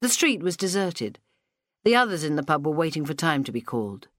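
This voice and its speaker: A woman reading an audiobook novel aloud in a steady, measured way into a close mic. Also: sits low, no room sound. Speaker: audiobook narrator. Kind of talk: scripted narration. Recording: dry studio sound.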